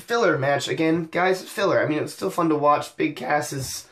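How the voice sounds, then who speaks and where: A young man hosting a wrestling show recap, talking energetically with wisecracks and sudden excited outbursts. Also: a little high, normal speed. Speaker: wrestling podcast host.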